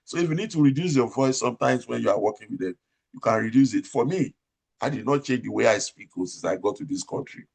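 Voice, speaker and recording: A man with a Nigerian accent, an operating room nurse manager giving advice in an interview, talking loudly and emphatically, repeating his points and asking rhetorical questions. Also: mid-range voice, expressive, quick pace, vocal fry, husky.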